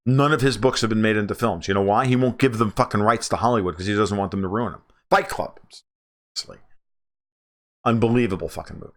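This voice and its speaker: Profane, animated man ranting on a livestream. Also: quick pace. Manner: profane, emphatic, restarts a lot, pitch jumps up when excited. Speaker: livestream host. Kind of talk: casual livestream rant.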